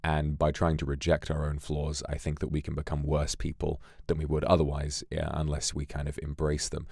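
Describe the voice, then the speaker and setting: A man with an extremely deep voice chats through a watchalong of his own film, rambling and reflective, swearing casually. The sound is dry and close, with no room around it. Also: completely flat delivery, fairly quick, gravelly, a little mellow, dry recording. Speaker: streamer and filmmaker. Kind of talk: casual livestream commentary.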